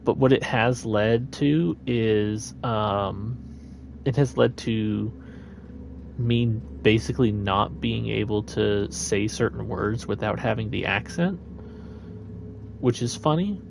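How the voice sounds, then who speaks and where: A man's voice: lowish voice, takes it slowly, creaky, background noise. A man chatting his way through a live gameplay stream, meandering and thinking aloud.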